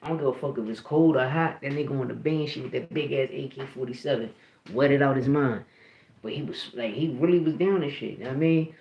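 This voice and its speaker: A man's voice: mid-range voice, fairly quick, gravelly, reverberant, lo-fi sound. A man, telling stories in a casual, profane, rambling way full of restarts and "you know what I mean". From Philadelphia, USA. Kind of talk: casual storytelling.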